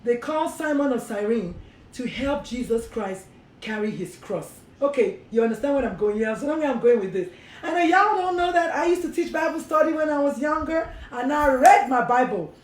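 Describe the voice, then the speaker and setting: A woman with a Nigerian accent, a physician hosting a motivational health talk in a lively, preacher-like manner with repeated phrases. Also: on the high side, brisk. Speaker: physician host. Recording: roomy echo.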